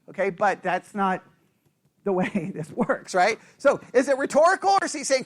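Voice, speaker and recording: High-voiced man teaching a lively Bible class. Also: moderate pace. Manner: lively, acts out quoted lines, asks the class questions. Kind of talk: conversational Bible study lecture.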